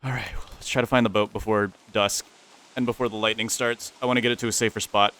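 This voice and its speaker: A man's voice: on the low side, level tone, fast talker, a bit bright. A man giving casual, self-mocking running commentary while playing a survival game. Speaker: gaming YouTuber. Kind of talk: casual let's-play commentary.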